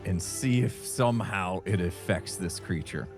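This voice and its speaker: A man with a very low voice plays a tabletop game. He speaks in a relaxed, plain way about his character's moves. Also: unhurried, faint music behind. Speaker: player. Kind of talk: casual tabletop play.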